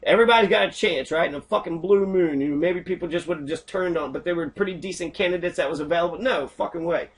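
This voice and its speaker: A man's voice: sits high, quick pace, few pauses, breathy edge. A man hosting an online show, delivering an angry, profane political rant full of swearing. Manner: angry, heavy swearing, ranting. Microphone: computer mic while scrolling screen.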